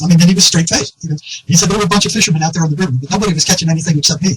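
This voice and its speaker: A quick-talking man recounting an anecdote in a relaxed online conversation. His voice sits a little higher than most men's, and the words come fast. Faint background noise runs under the recording. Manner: animated anecdote teller, quotes others, laughs often. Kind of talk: casual storytelling conversation.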